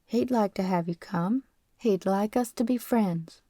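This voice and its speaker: A woman's voice: medium pitch, a little slow, mellow, no echo, studio quality, close to an everyday voice. A woman voicing an eager, shy rich teenage boy who pleads in a raised, boyish tone. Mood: pleading.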